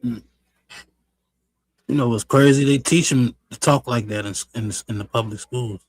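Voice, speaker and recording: A man chatting casually on a talk show, relaxed and explaining things as he goes. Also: medium pitch, moderate pace. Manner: relaxed, explaining, laughs easily. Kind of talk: casual banter.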